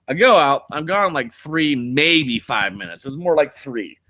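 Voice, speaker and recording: Speaking at a moderate pace with few pauses, this channel host has a medium-pitched, very animated, sharp-toned voice. He's from California and uses a desk mic on a casual live stream, telling rambling, laid-back stories full of swearing.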